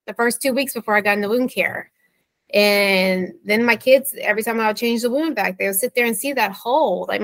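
This woman, in her thirties, has a mid-range, fairly bright voice recorded with no room sound. As an interview guest, she recounts a bad experience, quoting the messages that went back and forth, wry and exasperated throughout.

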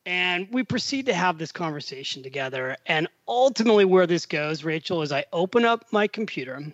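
This podcast guest is a middle-aged man from the United States, speaking from his home in Italy with a high-sitting voice at a brisk pace. The audio is dull, without room sound. Chatting casually, he spins a long, animated story and performs the quoted dialogue in the characters' voices.

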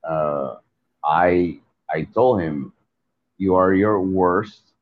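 A man talking casually in an interview, halting, with many fillers and repeated words, on a phone line. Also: low-pitched.

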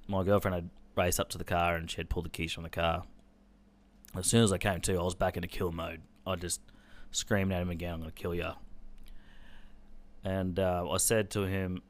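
A man's voice: low voice, a bit bright. An Australian man telling a personal story in an intense, blunt way, swearing freely.

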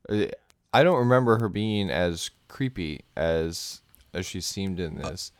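A man co-hosting a casual movie-review chat, explaining trivia in a measured way. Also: deep voice, expressive, smooth, no room sound. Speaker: podcast co-host.

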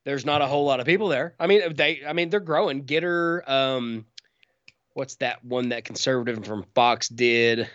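A man's voice: medium pitch, moderate pace, fairly bright tone, no room sound, dull audio. A man chatting casually on a podcast, rambling with many fillers and restarts. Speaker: podcast co-host. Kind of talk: casual chat.

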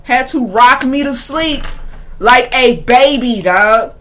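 A woman's voice: high-pitched, takes it slowly, a bit bright, slight background noise. A young woman casually telling a story as a podcast co-host. She swears freely and acts out her own quotes.

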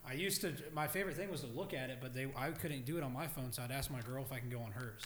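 A man's voice: mid-range voice, fast talker, crowd noise. Storytelling man in a roomy space. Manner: swearing, laughing storyteller acting out quotes. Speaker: podcast guest, barber. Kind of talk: casual chat, storytelling.

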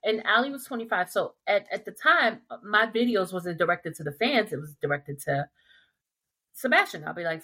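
A woman hosting a relaxed podcast conversation at an ordinary mid pitch. She tells her stories with energy and slips into playful put-on voices when she quotes people. The talk is loose and conversational. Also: normal speed. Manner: animated storytelling, acts out quotes in playful voices. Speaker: podcast host. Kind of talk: casual chat.

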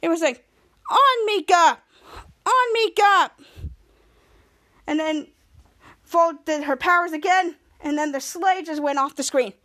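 A young woman hosting a podcast, excitedly recapping a TV episode and acting out the characters' lines in playful voices. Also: high-pitched, normal speed. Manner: excited, rambling, acts out quotes in playful voices. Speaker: podcast host.

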